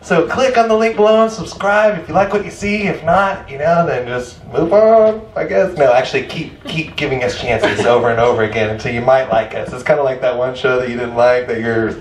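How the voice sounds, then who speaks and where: A man's voice: mid-range voice, brisk, few pauses. A man hosting a live music night, rambling and joking at his own expense. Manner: rambling, joking, self-mocking. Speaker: host. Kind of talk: live show emcee banter. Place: library event space with live crowd. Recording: roomy live sound, mic at a distance, crowd noise.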